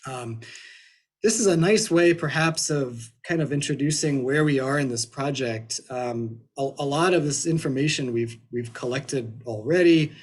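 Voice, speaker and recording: A man presenting research in a webinar, slightly hoarse from allergies, hesitant with many fillers and restarts. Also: medium pitch, normal speed. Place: at home in Ohio.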